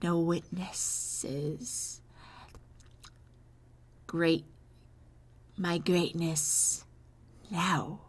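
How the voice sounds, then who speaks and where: A woman voicing the Joker, a menacing male villain, in a slow, breathy, hissing drawl. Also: fairly low pitch, fairly even intonation, heavily acted. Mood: gloating. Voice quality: breathy whisper. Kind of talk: live-stream voice impression.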